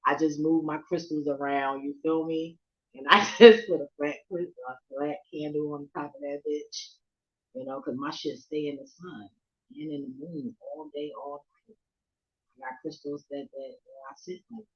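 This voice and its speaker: A woman vlogger telling a story to her viewers in a casual, profane rant, laughing often and swinging from low murmurs to near shouts. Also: fairly even intonation, normal speed, dull audio.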